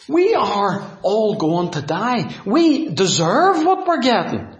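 A man's voice: high-pitched, wildly swooping pitch, takes it slowly, dull audio, pitched above the performer's own voice, full character voice. A man voicing a repentant male thief on a cross, pleading in a raised, strained voice, in an echoey room.

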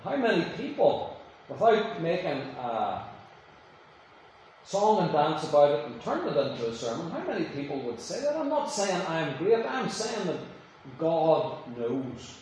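A man's voice: fairly high pitch, very animated, a little slow, darkish tone. A preacher delivers a sermon from some way off the mic, his voice ringing around a very reverberant church. He moves from casual storytelling into emphatic, rising declarations, with a faint room hum underneath. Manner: conversational storytelling with emphatic rises. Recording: echoey room, voice from a distance.

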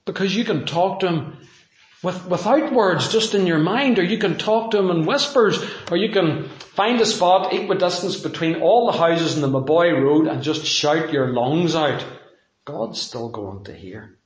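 A man's voice: fairly high pitch, expressive, measured pace, roomy sound, poor audio. A man preaching a sermon in a conversational way, telling personal anecdotes.

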